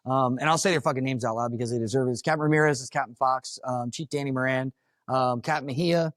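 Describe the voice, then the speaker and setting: Man, firefighter, rapid delivery, dry close mic, blunt profane storytelling to a crowd. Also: mid-range voice, fairly even intonation, no room sound. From Florida. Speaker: firefighter giving a talk. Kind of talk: personal story told to a live audience. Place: conference room.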